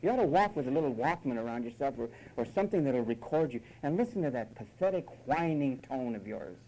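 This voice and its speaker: A man's voice: medium pitch, animated, fast talker, mellow, low-quality recording. A man preaching a sermon, emphatic and mocking, at times imitating whiny voices.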